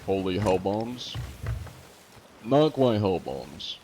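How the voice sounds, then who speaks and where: A man's voice: on the low side, very animated, slow pace, dark tone, a little hiss or hum. A man streaming a game live, chatting casually, reading viewer messages aloud and laughing often.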